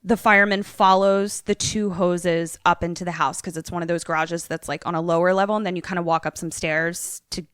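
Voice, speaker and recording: A woman podcast co-host casually retelling a film's plot, animated and profane, slipping into quoted voices. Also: lowish voice, brisk, few pauses, clear, resonant tone, no room sound, clean studio sound.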